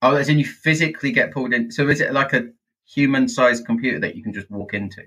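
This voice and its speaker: Wry man with a husky voice. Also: mid-range voice, fast talker, a bit bright. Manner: wry, teasing questioner. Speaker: podcast co-host. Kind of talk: casual chat.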